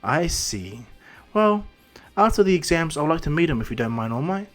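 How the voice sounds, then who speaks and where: Casting note: courteous, inquisitive principal, a bit raised in pitch, played by a man. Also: big pitch swings, moderate pace, a bit bright, soft background music. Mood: curious. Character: curious, polite older male school principal.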